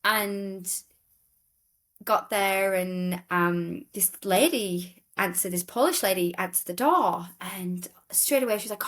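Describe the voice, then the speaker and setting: A woman's voice: medium pitch, measured pace, a bit bright. Rambling woman telling stories. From England. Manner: rambling, with restarts, acting out other people's voices. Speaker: guest. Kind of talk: casual storytelling interview.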